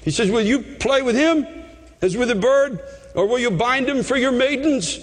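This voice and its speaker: A man preaching a fervent sermon, often repeating himself and rising to shouts. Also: extremely high pitch, expressive, normal speed, long reverb tail.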